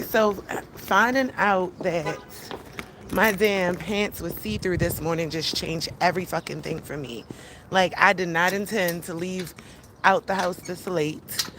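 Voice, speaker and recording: Unhurried woman chatting live from a car. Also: mid-range voice, a bit bright. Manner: loose, profane storytelling, chatting to viewers. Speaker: livestream host. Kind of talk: casual live-stream chat.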